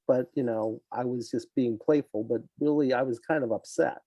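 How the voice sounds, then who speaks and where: Older man telling a lively case story. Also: mid-range voice, normal speed, dry recording. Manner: animated storyteller, acting out clients' lines. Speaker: clinical psychologist guest. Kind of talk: case story told in a conversation.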